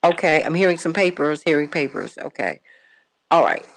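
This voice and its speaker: A woman's voice: low-pitched, moderate pace, slight background noise. A woman hosting a morning talk radio show from a studio, chatty and exclamatory, often repeating her words.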